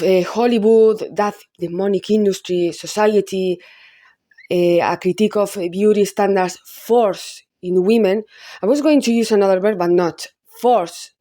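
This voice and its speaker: A woman with a Spanish accent talks through a film analysis at an unhurried, measured pace. She often stops mid-thought, restarts and restates her words as she works out her point. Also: mid-range voice, mellow. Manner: halting, rephrases and repeats words as she goes. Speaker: film reviewer. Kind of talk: casual film analysis monologue.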